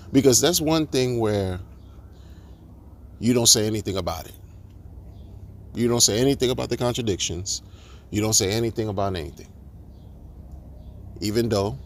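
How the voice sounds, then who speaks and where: Exasperated man ranting, low voice. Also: a little hiss or hum. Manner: exasperated, repetitive restarts, sarcastic rhetorical questions. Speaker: crypto commentator. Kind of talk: ranting monologue.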